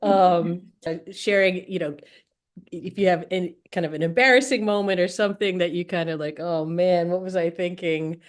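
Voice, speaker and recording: A woman's voice: fairly low pitch, moderate pace. A woman hosting an interview, chatting casually with many fillers and easy laughter. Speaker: podcast host.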